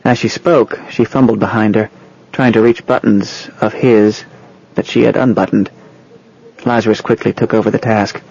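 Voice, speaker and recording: A man reading a novel aloud in steady, scripted narration. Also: fairly low pitch, moderate pace, gravelly, slightly rough, dull audio. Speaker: audiobook narrator.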